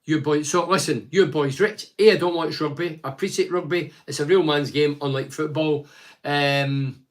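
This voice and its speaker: Older man, from Scotland, football pundit, casual chat, lively, rambling, slightly high voice. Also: moderate pace. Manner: animated, chatty, rambling with asides. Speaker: football pundit reading fan messages. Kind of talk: casual solo football commentary.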